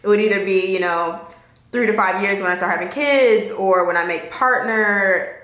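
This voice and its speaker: A woman's voice: mid-range voice, normal speed, fairly bright tone, roomy sound. Chatty, emotional young woman vlogger. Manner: candid, emotional, chatty with laughs. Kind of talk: casual talk to camera.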